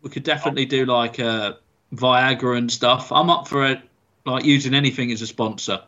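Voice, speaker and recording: A man's voice: mid-range voice, steady tone, fairly quick, sharp tone. A man co-hosting a comedy podcast, rambling and laughing in casual chat. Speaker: podcast co-host. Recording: dull lo-fi sound.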